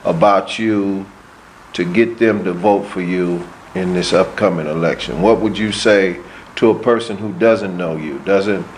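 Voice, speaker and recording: A man's voice: low voice, unhurried, slight background noise, low-quality recording. A man interviewing a political candidate, asking long, winding questions full of fillers and repeated words.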